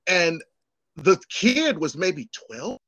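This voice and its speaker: This middle-aged podcast host tells stories in a casual chat, animatedly acting out the voices of the people in them and swearing freely. His voice runs a little high with drawn-out words, and the audio is dull with no echo.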